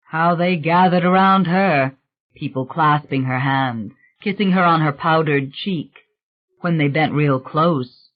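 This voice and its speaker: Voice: mid-range voice, phone-quality sound. An audiobook narrator reading a novel aloud in a conversational storytelling manner. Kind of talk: scripted narration.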